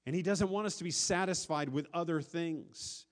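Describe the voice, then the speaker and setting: A pastor preaching a sermon, earnest, with a voice that swells louder and then drops to a hush, often repeating words as he restarts. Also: a little high, moderate pace. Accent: Upper Midwest American.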